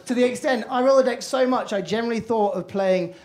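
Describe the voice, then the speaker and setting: A man's voice: very high voice, fast talker, few pauses. Young man doing stand-up on stage. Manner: animated storytelling, acted-out voices. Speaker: stand-up comedian. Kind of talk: stand-up comedy set. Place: comedy club stage.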